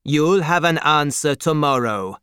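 A man reading a story and voicing a blunt, commanding male guard who speaks louder and a little higher than the narration. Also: lively intonation, a little slow, clear, resonant tone, no room sound, studio quality. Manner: curt and commanding. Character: rough revolutionary male guard, blunt and firm.

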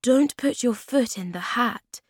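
A woman voicing a calm young wanderer in a storybook, speaking softly and steadily. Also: on the high side, unhurried, dry recording, clean studio sound, pitched above the performer's own voice. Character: calm, wandering young man, quietly wise.

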